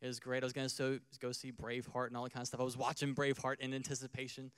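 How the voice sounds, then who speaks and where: A man's voice: mid-range voice, completely flat delivery, rapid-fire, a bit bright, clean tone, dry recording. A man preaching a sermon in a conversational way, acting out little scenes and asking the crowd questions. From United States. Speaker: pastor.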